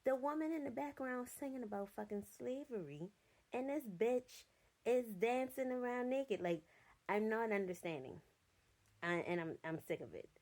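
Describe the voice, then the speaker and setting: A woman's voice: a little high, lively intonation, moderate pace, darkish tone. A young adult woman giving a casual, blunt and profane film review from her notes, sounding exasperated.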